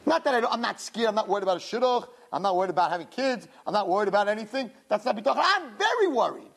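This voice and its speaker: A woman's voice: medium pitch, very fast, slightly rough. A woman giving a religious lecture to young women, telling stories animatedly and acting out the dialogue. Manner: animated storytelling, acts out dialogue. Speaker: Torah teacher.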